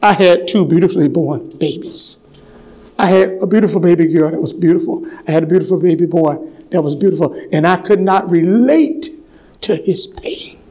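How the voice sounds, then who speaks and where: Male pastor, high voice, sermon in a church; goes from hushed stories to fervent, climbing exhortation. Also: low-quality recording. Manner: swings from hushed, slow storytelling to loud, fervent preaching. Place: church sanctuary.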